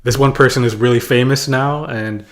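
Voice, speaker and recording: A man's voice: mid-range voice, fairly even intonation, normal speed. A young man casually telling a childhood story to his viewers in a loose, rambling way, with lots of "like" and chuckles. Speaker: vlogger.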